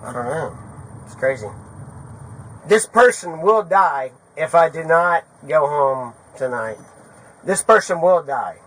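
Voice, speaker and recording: A man's voice: on the high side, sing-song, a little slow, a bit bright, poor audio. A man being arrested outdoors, agitated and swearing, swinging between threats and apologies, picked up by an officer's body camera. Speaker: arrested suspect. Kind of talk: heated pleading at police arrest. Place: outdoors in a parking lot.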